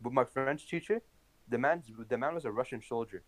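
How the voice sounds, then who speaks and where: A man's voice: medium pitch, fairly quick. A man in casual podcast chat over an online call, telling a story in a heated, swearing rush.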